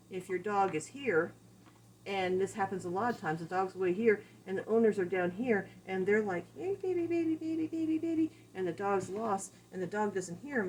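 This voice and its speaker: A woman dog trainer explains her method in a relaxed, chatty way. Her voice sits at an ordinary middle pitch. A faint hiss of noise runs behind her. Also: rough recording. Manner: casual, conversational, explains with examples and acted-out quotes. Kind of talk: instructional talk.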